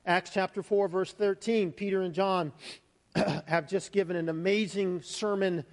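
A male pastor giving a sermon, shifting from scripture readings into a lively conversational story. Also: high voice, unhurried. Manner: conversational storytelling, animated retellings. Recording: hall reverb.

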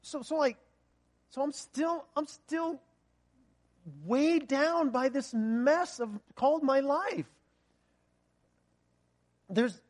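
A man preaching a sermon with passion, rising to loud peaks and sinking to a hushed, earnest tone. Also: extremely high pitch.

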